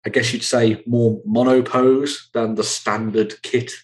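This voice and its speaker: A man's voice: mid-range voice, level tone, unhurried, poor audio. A man hosting a casual chat, rambling with lots of ums and uhs as he runs through news. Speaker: host.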